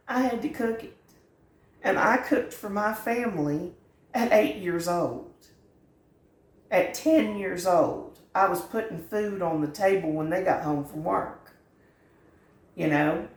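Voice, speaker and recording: A woman's voice: medium pitch, a little slow, reverberant. A middle-aged woman, hosting a home cooking channel in a folksy, earnest and sentimental chat from her kitchen. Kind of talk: heartfelt direct-to-camera chat.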